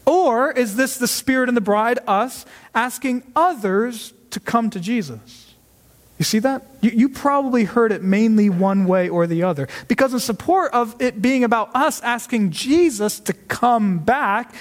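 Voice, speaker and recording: High-voiced pastor preaching in a reverberant church. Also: male voice. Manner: conversational, frequent rhetorical "right?", slows for emphasis. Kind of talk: sermon. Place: church sanctuary.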